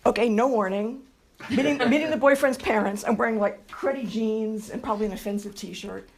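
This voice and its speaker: A woman's voice: fairly high pitch, fairly quick. A woman speaking at a memorial, telling affectionate, funny stories and laughing often as she goes. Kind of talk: humorous anecdote telling. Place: memorial gathering room.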